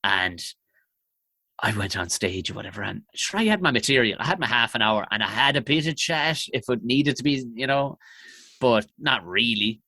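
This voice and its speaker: Lively, bright-voiced Irish man. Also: medium pitch, normal speed, dry recording. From Ireland. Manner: profane, animated anecdotes. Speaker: comedian guest. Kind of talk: casual storytelling chat.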